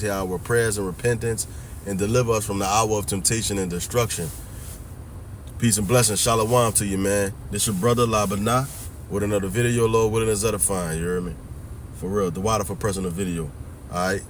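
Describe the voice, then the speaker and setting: A man's voice: fairly low pitch, fairly quick, slight background noise. A man giving a ranting, preachy commentary monologue that mixes in profanity and keeps asking whether the listener hears him. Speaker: religious commentary vlogger.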